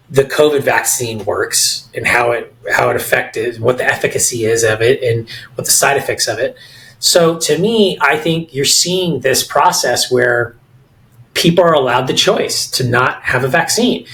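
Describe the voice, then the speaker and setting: A man's voice: medium pitch, a bit bright, poor audio. A middle-aged man with an American accent, talking animatedly and with firm opinions as co-host of a casual podcast discussion, often restarting his sentences.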